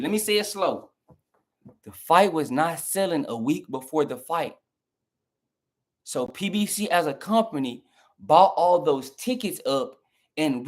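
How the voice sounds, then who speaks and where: A young southern man with a Southern American accent, arguing heatedly with his chat on a live stream and mocking their replies. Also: fairly high pitch. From southern United States. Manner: argumentative, mocking, talks straight to chat.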